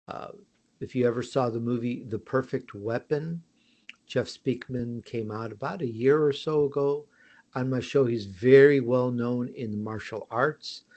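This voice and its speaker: A man's voice: mid-range voice, darkish tone. An American man talking casually as a podcast guest. He promotes his own work in a chatty way, with frequent restarts and fillers. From United States. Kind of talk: casual interview talk.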